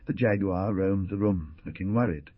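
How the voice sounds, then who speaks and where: A man narrating an adventure audiobook in an expressive storytelling manner. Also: low voice, moderate pace, no room sound, highs cut off. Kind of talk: scripted narration.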